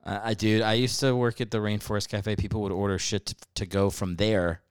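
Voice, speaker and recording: Easygoing male co-host, low voice, smooth and resonant. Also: level tone, a little fast, dry recording, studio quality. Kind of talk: casual chat.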